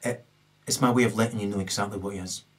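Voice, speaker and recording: A man's voice: lowish voice, fairly even intonation, fast talker. A man rambles through a solo rant into his camera mic, with a middling voice. He keeps pushing for agreement, tagging "right?" onto his lines.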